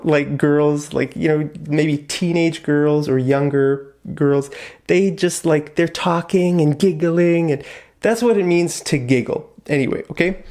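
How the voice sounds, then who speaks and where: A man's voice: on the high side, dark tone. A man teaching English vocabulary in a casual online lesson, explaining words patiently with examples and checking in with "okay?". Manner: fillers like "like" and "okay?" between points.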